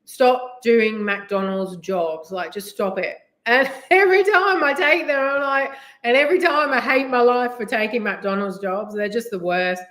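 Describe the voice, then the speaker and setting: Her voice runs on the high side, expressive and a bit bright, at a moderate pace with few pauses. A middle-aged delivery driver from England's West Midlands, she chats rambly on a live stream in an English accent, leaning on "like" and "you know," while the room echoes.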